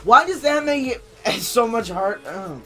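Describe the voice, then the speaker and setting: Very high-pitched and animated, a commentary YouTuber reads internet posts aloud a little slowly, mocking them with sarcastic incredulity and frequent laughter. His voice sounds pushed and bright, with faint background music underneath.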